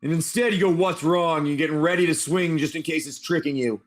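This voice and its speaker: A man running a tabletop game on a livestream, narrating dice rolls and combat in an animated, excitable way. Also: on the high side, quick pace. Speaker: game master.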